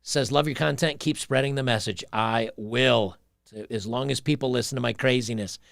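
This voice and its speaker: A man's voice: medium pitch, normal speed, creaky, a bit bright, dry recording, clean studio sound. A man giving opinionated, ranting commentary on a livestream and reading chat messages aloud. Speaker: streamer reacting to clips.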